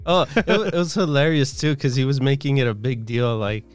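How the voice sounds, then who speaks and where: A man with a smooth, clear voice joins a casual podcast chat. He chimes in with short, relaxed remarks. Faint music sits underneath. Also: medium pitch, brisk. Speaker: podcast co-host.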